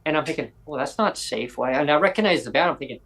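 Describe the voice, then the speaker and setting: A man's voice: fairly high pitch, expressive, quick pace, a bit bright, rough recording. A man hosting a podcast, telling a long story in casual chat and acting out other people's lines in quoted voices. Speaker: podcast host.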